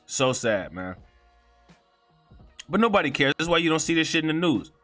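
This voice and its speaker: A man's voice: fairly high pitch, sing-song, moderate pace, a bit bright, soft background music. A man giving a heated, profane commentary in a blunt, indignant way. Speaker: video commentator.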